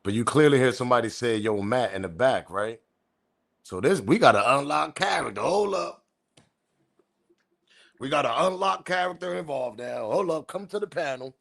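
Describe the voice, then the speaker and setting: A man giving casual, animated livestream commentary, repeating himself, swearing and chuckling. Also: medium pitch, creaky. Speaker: online news commentator.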